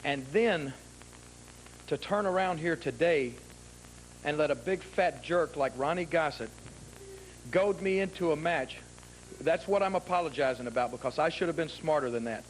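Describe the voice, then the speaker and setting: A man gives a wrestling promo in a TV studio. His voice sits somewhat high, and he presses each point hard. He stacks repeated phrases one on top of another, over a faint hiss behind him. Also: moderate pace, pauses often, rough recording. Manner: earnest, emphatic, repeating phrases for force. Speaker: pro wrestler.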